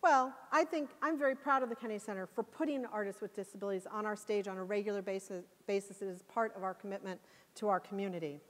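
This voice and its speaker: A woman's voice: mid-range voice, quick pace, fairly bright tone. A woman giving a passionate, emphatic conference talk. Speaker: conference speaker. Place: conference hall. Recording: long hall reverb.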